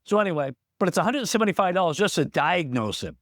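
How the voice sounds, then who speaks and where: Man, middle-aged, conversational vlog story, reflective, slightly high voice, dead dry recording. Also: big pitch swings, quick pace, fairly bright tone, no room sound. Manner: plain-spoken, reflective, conversational. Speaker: small business owner in recovery. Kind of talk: candid personal storytelling vlog.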